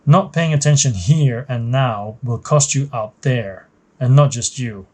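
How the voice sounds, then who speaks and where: Brief: commanding female captain, firm clipped orders, game story, voiced by a man with a mellow voice. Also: mid-range voice, measured pace, husky. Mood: stern. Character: stern woman military captain, commanding.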